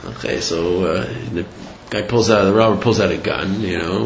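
A man teaching a religious lesson, telling a story in an animated, digressive way with many fillers. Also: low voice, moderate pace, gravelly, a little hiss or hum. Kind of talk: sermon with storytelling. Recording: roomy, slightly dull recording.

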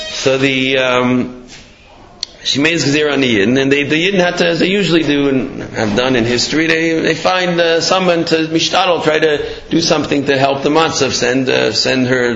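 A man's voice: mid-range voice, fairly bright tone, slight background noise. A man giving a casual, storytelling Torah talk, sprinkling in Hebrew and Yiddish terms with many fillers. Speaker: Torah teacher. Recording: echoey dull lo-fi room.

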